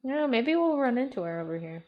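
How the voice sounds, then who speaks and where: A woman's voice: a little high, sing-song, fairly quick, highs cut off. A woman streaming a game and chatting casually and playfully with viewers, laughing often; her first language is German. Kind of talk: casual gameplay commentary.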